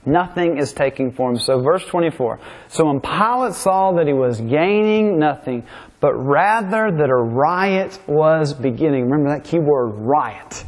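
Preacher guy, chatty sermon, says "right?" a lot, kinda high voice. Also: lively intonation, measured pace. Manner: informal, keeps asking "right?". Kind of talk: conversational sermon.

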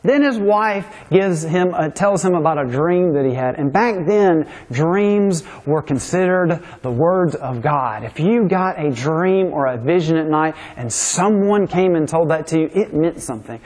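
A man's voice: on the high side, expressive, unhurried, hardly any pauses, darkish tone. A man preaching a conversational sermon, often checking in with "right?". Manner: informal, keeps asking "right?".

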